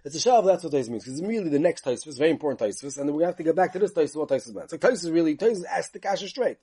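This Talmud teacher's voice is a little high and slightly rough. He delivers an animated yeshiva-style lecture in a sing-song learning chant, peppered with rhetorical questions and brief asides.

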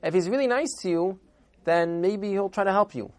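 A man's voice: high voice, normal speed, darkish tone, voice pushed up, close to an everyday voice. A man voicing a helpful innkeeper in a told story, giving advice in a confiding way. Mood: advising. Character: helpful, worldly male innkeeper.

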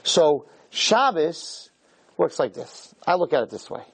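A man preaching with a comic streak, voice sitting a little high and leaping around in pitch as he tells his story. He slips into the characters' voices and keeps asking his listeners if they understand. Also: unhurried, vocal fry, slight background noise, rough recording. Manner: animated storyteller, acts out dialogue, addresses listeners directly. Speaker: rabbi teaching a class. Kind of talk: humorous sermon with storytelling.

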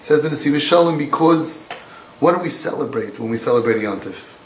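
A man's voice: mid-range voice, animated, brisk, slight background noise. A man giving a sermon-style religious lecture, emphatic and repetitive, quoting from texts. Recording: roomy echo.

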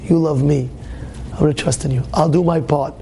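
A man preaching a Torah class in a high, gravelly voice. He repeats key phrases and breaks into shouts to drive a point home. Faint noise hums behind him. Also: fairly even intonation, a little fast. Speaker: rabbi giving a Torah class. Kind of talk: spirited storytelling sermon. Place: classroom with students.

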